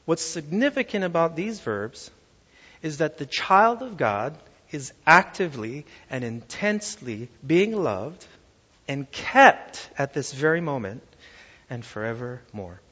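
A man's voice: mid-range voice, very animated, a little slow, a bit bright, husky. A man preaching a sermon to a congregation, emphatic and asking them rhetorical questions. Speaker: pastor. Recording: lo-fi sound with long hall reverb.

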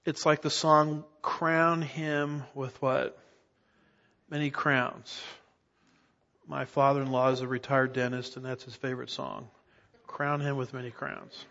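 A man's voice: medium pitch, little pitch movement, measured pace, vocal fry, long pauses, fairly bright tone, long reverb tail, lo-fi sound. A middle-aged man preaching an expository sermon, emphatic and often asking his listeners rhetorical questions. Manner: emphatic teacher, asks the congregation rhetorical questions. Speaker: pastor.

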